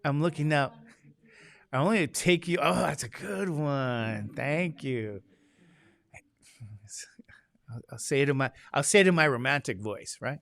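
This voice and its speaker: Gravelly chatty man teaching. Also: medium pitch, lively intonation, measured pace, pauses often, a bit bright. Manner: chatty, joking storyteller, acts out quoted voices. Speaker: statistics instructor. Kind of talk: casual chat with a class.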